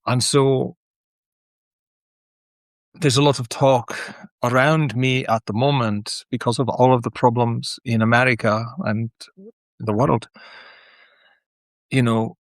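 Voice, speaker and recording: A middle-aged Scottish man with a gravelly, mid-range voice, recorded close and dry. He talks in a thoughtful, meandering way, circling back with restarts and asides as he reflects aloud. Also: medium pitch, steady tone, slow, long pauses, dry recording. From Scotland. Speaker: teacher sharing personal reflections. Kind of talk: reflective unscripted monologue.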